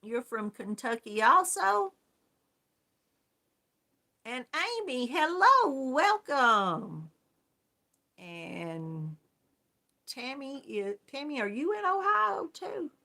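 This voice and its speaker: A woman's voice: high voice, very animated, drawn-out words, gravelly, pauses often, pushed and bright. A woman hosting a casual live-stream chat, greeting viewers one by one and laughing often. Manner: chatty, friendly, laughs often. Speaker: yarn crafts channel host.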